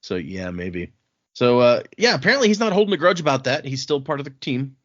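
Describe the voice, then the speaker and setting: A man's voice: medium pitch, very animated, a little fast, muffled recording. A man hosting a podcast, casually retelling book scenes and acting out the characters' quoted lines. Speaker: podcast host.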